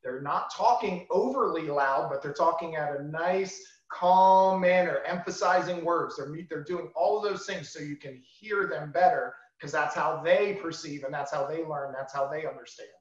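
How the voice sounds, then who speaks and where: A fairly high-voiced man explains sales ideas to a class, circling back to repeat his main phrases. His voice sounds roomy and lo-fi, as on a video call. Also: moderate pace, hardly any pauses.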